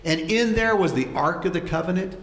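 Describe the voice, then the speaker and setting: Man preaching in a big reverberant room, a touch high-pitched, animated and repetitive. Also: brisk. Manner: animated storytelling, acts out voices, repeats words. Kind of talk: sermon. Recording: echoey hall.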